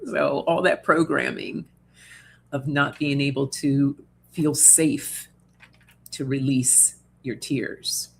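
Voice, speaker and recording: A woman's voice: a bass voice, steady tone, takes it slowly, vocal fry, slight background noise. A woman hosting an oracle card reading livestream in casual chat, reading out viewer comments, reassuring and laughing often. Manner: chatty and reassuring, laughs often, many fillers.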